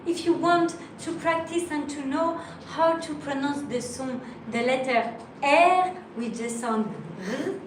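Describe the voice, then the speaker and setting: High-voiced French teacher in an echoey room. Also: female voice. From France. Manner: spells out letters slowly, patient and encouraging. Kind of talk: live language lesson. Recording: very echoey room, mic far off, faint noise.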